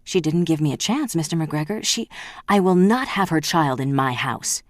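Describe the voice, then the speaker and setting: A woman's voice: low-pitched, lively intonation, moderate pace, no room sound, studio quality. A woman voicing a middle-aged widowed housekeeper, flustered and stiffly proper.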